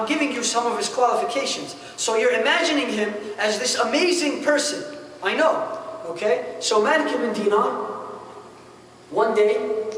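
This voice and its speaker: A man's voice: sits high, fairly bright tone, slight background noise. A man, an imam, telling a story in a sermon, joking and talking straight to his audience. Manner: storytelling with jokes and asides to the audience. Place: mosque hall. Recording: echoey hall, voice from far off.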